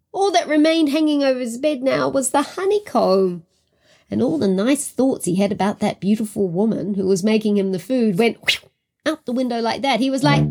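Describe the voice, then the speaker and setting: Woman storyteller, expressive children's folk-tale teller, bright and swooping. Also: fairly high pitch, vocal fry. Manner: animated, expressive, gasping and laughing. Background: guitar music.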